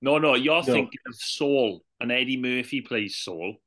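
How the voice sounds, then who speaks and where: A man's voice: medium pitch, moderate pace, pushed and bright. A man co-hosting a casual film chat, teasing his friends and swearing casually. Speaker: podcast co-host.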